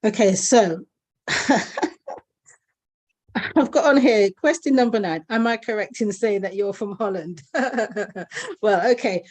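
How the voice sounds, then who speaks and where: A woman's voice: medium pitch, takes it slowly, pauses often. Host: woman, middle voice, friendly and talkative, reads from a list of questions. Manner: warm, laughs often, chatty. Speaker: interview host. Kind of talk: casual interview.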